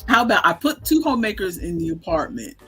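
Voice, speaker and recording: A man co-hosting a casual livestream, playful and teasing, with a raspy voice. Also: sits high, sing-song, fast, fairly bright tone, faint music behind. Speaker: livestream co-host. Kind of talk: casual chat.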